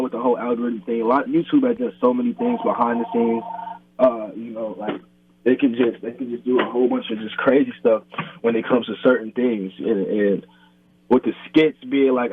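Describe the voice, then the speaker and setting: A man's voice: mid-range voice, fairly quick. A young man and YouTuber, chatting loosely in an interview, filling his talk with "like" and "bro". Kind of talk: casual interview chat. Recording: thin phone-line sound, husky and dry.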